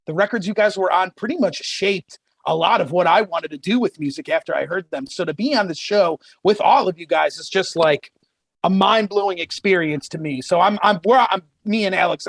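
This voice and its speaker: Podcast guest, man, bright radio-host delivery, higher voice, dry studio sound. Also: creaky, no room sound. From United States. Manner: animated, enthusiastic, swears freely. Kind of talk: casual chat.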